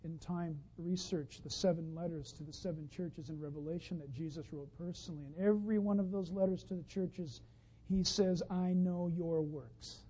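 A man preaching a sermon, telling a story as he goes, dropping from hushed to loud excited outbursts. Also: on the high side, normal speed, husky, low-quality recording. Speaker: pastor.

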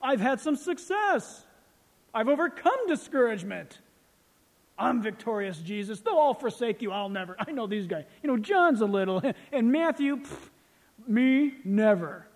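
A man's voice: extremely high pitch, very animated, measured pace, long reverb tail, heavily acted. A man voicing a boastful, overconfident male fisherman disciple who swaggers as he talks. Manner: bragging, swaggering.

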